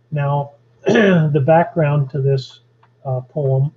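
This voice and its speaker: Slow, husky-voiced man lecturing. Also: a little high, dull audio. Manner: slow, deliberate, with pauses and fillers. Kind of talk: history lecture.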